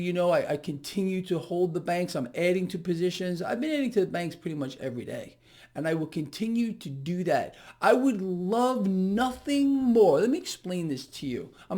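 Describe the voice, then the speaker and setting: A man's voice: high-pitched, a little mellow. A man giving direct-to-camera market commentary, emphatic and sarcastic, with lots of fillers.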